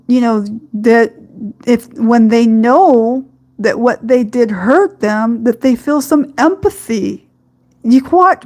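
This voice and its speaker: A woman hosts a podcast with a reflective spiritual talk. Her voice sits a little high, and she speaks very slowly. She keeps pausing with ums and you-knows as she gathers her thoughts. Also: a little mellow. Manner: slow, halting, many ums and you-knows. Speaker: podcast host.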